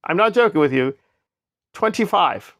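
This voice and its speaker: A man's voice: a little high, lively intonation, normal speed, gravelly, no room sound, studio quality. A man giving opinionated, sarcastic commentary, emphatic and repetitive as he makes his points. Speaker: commentary vlogger. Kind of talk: opinionated commentary on online drama.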